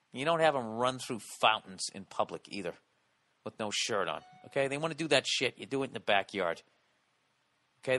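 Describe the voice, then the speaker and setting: Loud, profane American man telling stories. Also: fairly low pitch. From United States. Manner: loud animated storytelling, frequent swearing, rhetorical "okay?" asides. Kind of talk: profane comedic storytelling rant.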